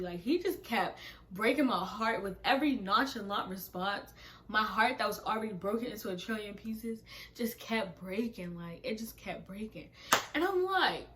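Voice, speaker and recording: A woman's voice: medium pitch, unhurried. A young woman telling a casual storytime vlog, acting out her own texts and going off in heated bursts. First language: Nigerian heritage, speaks English. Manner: animated, acts out her texts and goes off in bursts.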